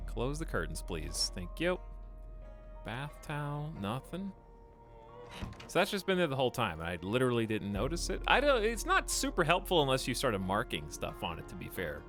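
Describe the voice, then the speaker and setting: A man streaming a video game, chatting casually and thinking aloud as he plays, often laughing at his own jokes. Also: fairly low pitch. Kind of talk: casual gameplay commentary.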